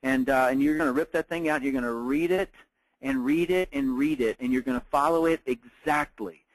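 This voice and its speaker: A man's voice: medium pitch, brisk, no room sound, low-quality recording. Upbeat salesman giving a training talk. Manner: storytelling with lots of fillers and quoted dialogue. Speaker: presenter.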